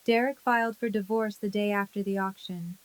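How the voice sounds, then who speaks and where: A woman voicing a gentle middle-aged aunt who speaks softly and with regret. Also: medium pitch, steady tone, a little fast, dry recording, lightly acted, rough recording. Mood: rueful. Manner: soft, rueful.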